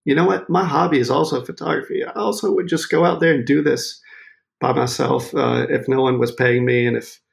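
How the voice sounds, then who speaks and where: Being interviewed, this Maine photographer recounts a story, often laughing and imitating the people involved. His voice is gravelly and mid-range, steady in tone and a bit quick.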